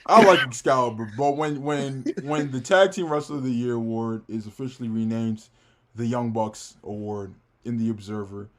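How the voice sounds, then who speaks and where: A man's voice: mid-range voice, normal speed, a bit bright. A man co-hosting a casual wrestling livestream, emphatic and profane, tagging "bro" onto his points. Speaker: podcast co-host.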